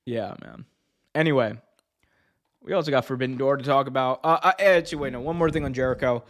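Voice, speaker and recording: Talking fast in a medium-pitched voice, a man hosts a laid-back wrestling news podcast. He drifts from point to point, joking around and correcting himself along the way.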